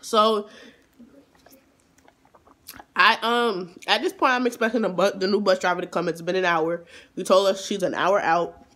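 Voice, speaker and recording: A man vlogger telling a storytime in an animated, emphatic way, with exasperated asides. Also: sits high, moderate pace, pauses often. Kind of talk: storytime vlog.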